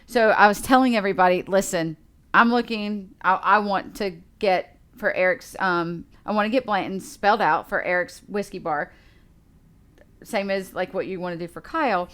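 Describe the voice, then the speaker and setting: Woman co-host, mid-pitched, chatty storyteller who acts out quotes. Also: moderate pace, smooth. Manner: animated storyteller acting out quoted dialogue. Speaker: podcast co-host. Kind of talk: casual chat, storytelling.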